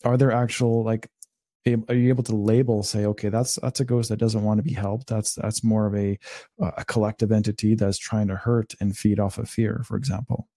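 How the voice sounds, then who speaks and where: A man's voice: fairly low pitch, little pitch movement, a little fast, mellow, no room sound, clean studio sound. A man hosting an interview, asking rambling questions with restarts. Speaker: podcast host. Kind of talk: casual interview.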